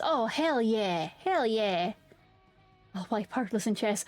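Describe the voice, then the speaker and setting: Faint music plays behind a young woman's slow, expressive, slightly high and a little mellow voice. Bubbly and relaxed, she chats to her live-stream viewers, humming and singing little filler tunes between comments.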